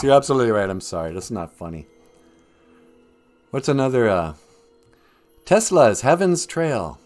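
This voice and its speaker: A man's voice: mid-range voice, sing-song, unhurried, pauses often, a little mellow, soft background music. A man hosting a rambling comedic livestream, joking with his chat and laughing at his own jokes. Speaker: livestream host.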